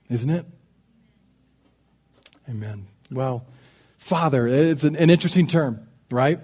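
A middle-aged man preaching a sermon as pastor, telling personal stories and swinging from loud, animated bursts to soft, intimate passages. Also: medium pitch, takes it slowly, long pauses, husky.

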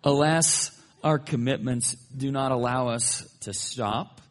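A man's voice: medium pitch, slow pace. A man preaching a sermon as a pastor, telling everyday stories with playful humorous asides.

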